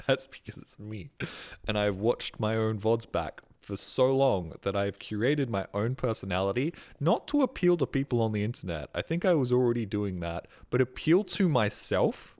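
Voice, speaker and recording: A man's voice: on the low side, a little mellow. A man streaming a game, chatting casually in a rambling, sweary, self-mocking way. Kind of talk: casual live-stream chat. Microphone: streaming microphone.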